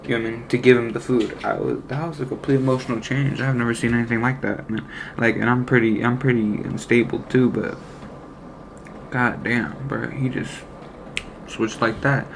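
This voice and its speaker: A man's voice: medium pitch, steady tone, moderate pace, creaky, slight background noise. A young man casually telling a personal work story, rambling and profane with lots of slang fillers. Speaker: former deli worker telling a story.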